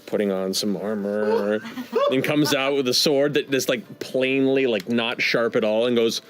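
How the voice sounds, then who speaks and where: A man narrating a tabletop game as game master, animated, adding sound effects and laughing as he goes. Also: mid-range voice, measured pace, a loud crowd.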